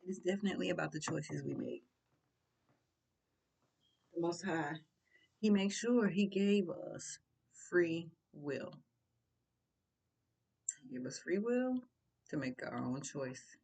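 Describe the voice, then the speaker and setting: A woman's voice: fairly low pitch, animated, slow, creaky, long pauses, a little mellow, breathy edge. An older woman giving casual, preachy commentary, blunt and full of rhetorical questions. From St. Louis.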